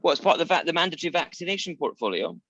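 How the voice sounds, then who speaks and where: A man's voice: on the high side, big pitch swings, rapid-fire, lo-fi sound, crowd noise. A man co-hosting a podcast, giving strong opinions with lots of ums and restarts. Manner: opinionated, hesitant with many fillers. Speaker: co-host. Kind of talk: casual podcast chat.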